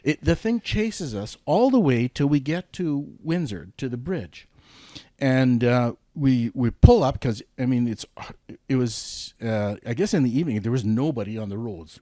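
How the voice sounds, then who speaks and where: A male trucker telling a road story in casual chat, animated and rising sharply in pitch when excited. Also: no echo, studio quality. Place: studio table.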